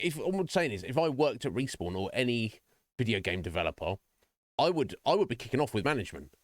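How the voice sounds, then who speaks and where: A man's voice: medium pitch, fairly bright tone, no echo, studio quality. A man casually chatting on a live stream, ranting animatedly, swearing and acting out little voices.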